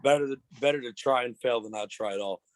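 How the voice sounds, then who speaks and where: A man's voice: mid-range voice, fast, no room sound. A young adult man, a pro wrestler, chatting casually as an interview guest, laid-back and slangy with frequent restarts.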